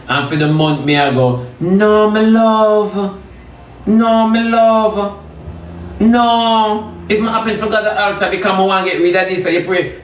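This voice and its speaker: A Jamaican man preaching with a fairly high, animated voice, moving between loud exhortation and low, murmured prayer. He is recorded from a distance in an echoey room with a faint hum behind him. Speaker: comedic preacher. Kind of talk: animated street sermon with prayer.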